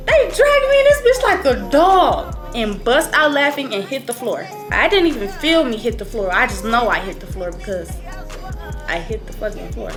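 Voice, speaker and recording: A woman with a high voice tells a personal story, storytime style, over clearly audible background music. Her talk is profane and slangy. She jumps up louder and higher to act out what people said. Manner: profane, slangy, acts out quoted lines in a raised voice. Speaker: vlogger telling a story. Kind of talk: casual storytime.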